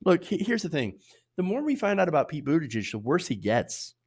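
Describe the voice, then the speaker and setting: A man's voice: fairly high pitch, sing-song, fairly quick, darkish tone, husky. A man hosting opinionated political commentary, sarcastic, with loose delivery and frequent restarts. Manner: sarcastic, mocking put-on voices for quotes.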